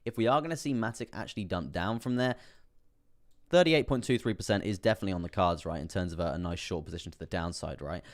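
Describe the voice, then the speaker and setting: This crypto trading streamer has a very deep voice and talks fast, rambling casually over his charts. His market commentary is chatty and loose, packed with fillers and frequent laughs at his own remarks.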